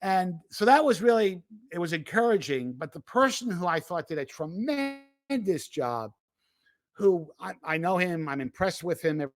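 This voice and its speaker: A man hosts a tech podcast in a casual, animated chat, his voice sitting a bit high. He talks with plenty of fillers and restarts, and the sound is dry and close with no room echo. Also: normal speed. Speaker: podcast host and tech analyst. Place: remote recording.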